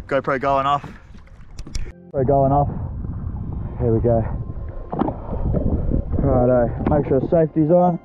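A man's voice: medium pitch, takes it slowly, long pauses. A man, chatting to himself and his camera while fishing outdoors, muttering when frustrated. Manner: self-talk, frustrated muttering. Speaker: fishing vlogger. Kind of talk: casual spearfishing vlog. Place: outdoors on the water. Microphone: GoPro camera. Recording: dull lo-fi action-camera audio with music.

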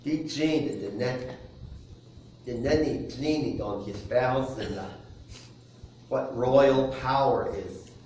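A man, a pastor, preaching a sermon in a measured way with soft chuckles between points. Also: medium pitch, slight background noise. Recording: very echoey room, distant mic.

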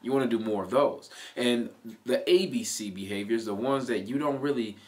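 This motivational speaker has a medium-pitched voice and talks at a normal speed, coaching listeners earnestly through a self-help talk. He repeats key phrases and keeps tossing in "right?" to the audience.

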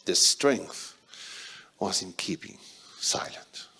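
A South African man preaching a sermon as a pastor, emphatic, shifting between loud and soft passages. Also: deep voice, expressive, slow, creaky, husky.

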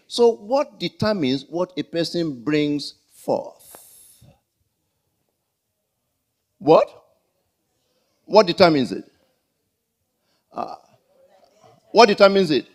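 Male pastor, high voice, unhurried delivery; sermon with call-and-response and acted-out dialogue. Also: animated. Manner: call-and-response questions to the congregation; acts out comic dialogues. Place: church.

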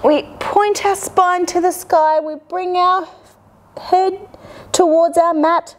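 A woman's voice: extremely high pitch, fairly even intonation, slow. A young woman leading a playful children's yoga lesson, guiding poses and making animal sounds. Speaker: kids' yoga instructor.

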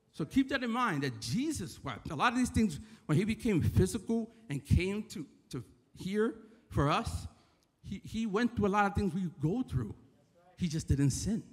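A man's voice: on the high side, breathy edge. A man from the Bronx with a New York accent, giving a casual sermon in church and often asking "right?". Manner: conversational, repeats "right?" to the crowd. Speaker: church member giving a talk. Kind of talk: informal sermon. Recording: echoey church hall.

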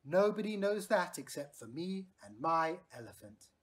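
A woman voicing a spirited little girl who befriends an elephant, in a high, excited childlike voice, with a slightly breathy tone. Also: moderate pace. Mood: gentle.

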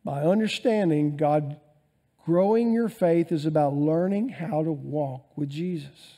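Animated pastor, high mellow voice. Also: male voice, unhurried. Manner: animated preaching, swings between loud emphasis and quiet asides. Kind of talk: sermon.

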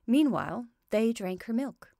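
A woman reading a classic short story aloud in measured, even narration. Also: on the high side, vocal fry, no room sound, studio quality.

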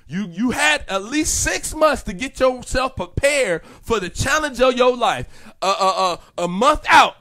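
A man giving a motivational ministry talk in a lively, repetitive preaching manner, laughing often and now and then acting out other voices. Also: very high-pitched, unhurried. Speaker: ministry speaker.

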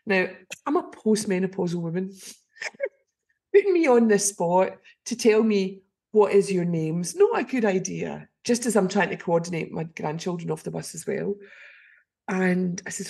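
Scottish woman host, 50s, husky, animated chat storytelling. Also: fairly low pitch, a little slow. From Scotland. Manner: animated, acts out quoted voices. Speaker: podcast host.

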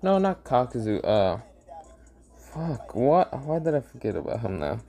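A man's voice: medium pitch, big pitch swings, fairly quick, creaky, mellow. A man casually retelling an improvised fan story, rambling with lots of fillers, stumbling over names and correcting himself. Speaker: YouTube storyteller.

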